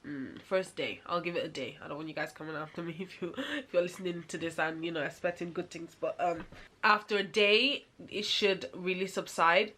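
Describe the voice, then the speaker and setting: Bright-voiced chatty woman. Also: lowish voice, brisk. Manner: chatty, rambling, laughs often. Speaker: vlogger. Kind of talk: casual chat to camera.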